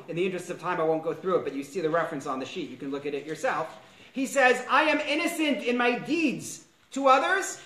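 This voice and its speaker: Man lecturing in a roomy classroom. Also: extremely high pitch. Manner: animated, quotes lines in varied tones. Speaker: rabbi teaching a class. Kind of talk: lecture on a biblical text.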